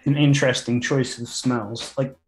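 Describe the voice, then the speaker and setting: A man's voice: medium pitch, steady tone, moderate pace, soft background music. A man narrating as dungeon master in a chatty, amused way with many fillers. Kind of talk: casual tabletop game narration.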